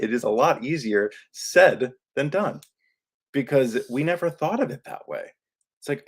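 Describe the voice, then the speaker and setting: Animated podcast host, man. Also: mid-range voice, moderate pace. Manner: animated, acts out quoted lines; self-described yelling into a microphone. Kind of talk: casual podcast monologue. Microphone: studio microphone.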